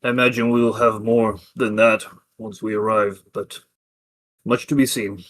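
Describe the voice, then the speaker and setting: A player speaking in character in a tabletop role-play session, measured and formal. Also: mid-range voice, flat delivery.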